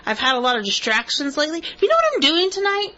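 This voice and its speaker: A woman's voice: sits high, big pitch swings, quick pace, bright, forceful tone, dull audio. A woman co-hosting a radio show in casual banter, chatty and giggly with a sarcastic streak.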